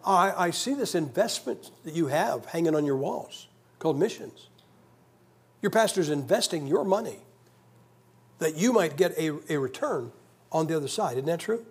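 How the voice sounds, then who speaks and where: A man's voice: a little high, lively intonation, normal speed, husky. A man preaching a sermon in a church, conversational and emphatic, with joking asides. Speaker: guest preacher.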